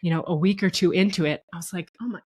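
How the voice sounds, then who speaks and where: A woman in her thirties, a podcast guest, telling her story in lively conversation and acting out what people said. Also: on the low side, quick pace, breathy edge. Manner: animated, laughs often, acts out quotes. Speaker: guest, co-founder.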